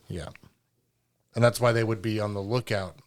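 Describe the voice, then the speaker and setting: A man's voice: lowish voice, fairly even intonation, normal speed. A man chatting casually on a podcast. He is laid-back and breaks into laughter. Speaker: podcast co-host. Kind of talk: casual chat.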